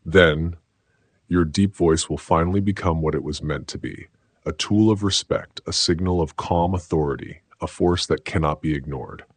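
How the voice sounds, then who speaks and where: A man giving scripted motivational narration in a slow, deliberate, measured way, with a very deep, husky voice. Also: no room sound.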